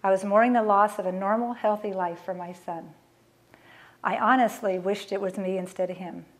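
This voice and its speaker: Earnest middle-aged woman telling a personal story. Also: mid-range voice. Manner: emotional, earnest, acts out past conversations. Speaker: mother telling her family's story.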